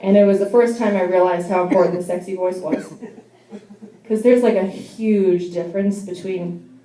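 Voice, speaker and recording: A woman's voice: mid-range voice, steady tone, moderate pace, mellow, echoey room, slight background noise, low-quality recording. Wry, self-deprecating young woman comic. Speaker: stand-up comedian. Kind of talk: stand-up comedy set. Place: bar venue.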